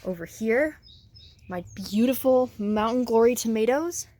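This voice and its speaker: Woman vlogger, excitable and gushing, casual profanity, outdoors on a porch, handheld camera. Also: on the high side, unhurried, no echo. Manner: enthusiastic, gushing, swears casually. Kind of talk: casual garden tour vlog.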